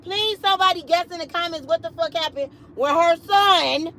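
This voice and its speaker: High voiced lady ranting a storytime on her livestream, cussing a lot, really animated, some faint noise behind. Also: moderate pace, poor audio. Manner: animated, profane, emphatic storytelling. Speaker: livestream host.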